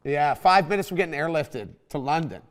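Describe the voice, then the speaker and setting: Young man, host, slightly high voice, animated, swearing, laughing, casual storytelling. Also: a little fast. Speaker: podcast host.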